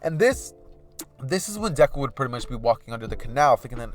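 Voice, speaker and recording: Man, casual fan-fiction storyteller, rambling, mid-pitched, faint music underneath. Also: sing-song, fast talker. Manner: rambling, loose, with frequent filler phrases.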